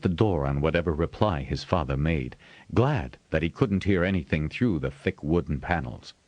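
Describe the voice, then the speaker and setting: A man narrating an audiobook in a measured storytelling manner, shifting his voice for the characters. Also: rumbling low, animated, darkish tone, no room sound. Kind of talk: scripted narration.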